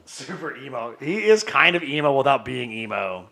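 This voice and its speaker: A man's voice: mid-range voice, big pitch swings, moderate pace, gravelly, pushed and bright. A man co-hosting a podcast in casual chat, teasing his friends and laughing often. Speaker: podcast co-host.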